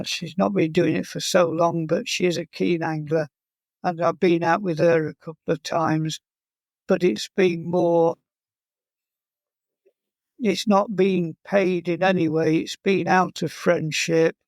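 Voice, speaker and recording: A fly-casting instructor and guide chats in a casual interview, telling humorous anecdotes. His voice is a little high and steady in tone, and he takes his time, recorded dry.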